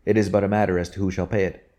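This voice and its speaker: A courteous, wry young heir, voiced by a male narrator in a storybook reading. His tone is deep and mellow, and his manner dry and polite. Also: level tone, very fast, close to an everyday voice.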